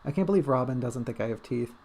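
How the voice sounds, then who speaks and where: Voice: mid-range voice, expressive, fast talker, a little mellow, husky. A livestreamer chatting casually and rambling, with self-mocking jokes.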